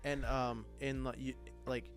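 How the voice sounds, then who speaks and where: A man's voice: medium pitch, unhurried, soft background music. Laid-back man chiming in. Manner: relaxed, chiming in with short reactions. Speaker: podcast co-host. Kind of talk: casual chat.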